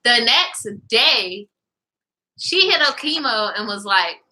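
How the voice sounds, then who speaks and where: A woman's voice: a little high, poor audio. A young woman co-hosting a podcast, telling a story in casual, profane chat and acting out what people said. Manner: animated, profane, quotes people in rapid back-and-forth. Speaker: podcast co-host.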